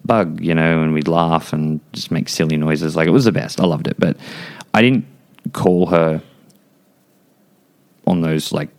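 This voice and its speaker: A young man with a low, deep voice talks as a podcast guest. His speech is casual and unpolished, packed with "like" and "dude", and he swears bluntly as he tells a personal story. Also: steady tone, a little slow, pauses often. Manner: blunt, heavy swearing and filler words.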